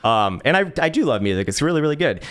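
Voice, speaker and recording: A man's voice: a little high, big pitch swings, fast talker, fairly bright tone. A man from San Francisco casually telling a personal story, laughing often, swearing freely and repeating words as he goes. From San Francisco, USA.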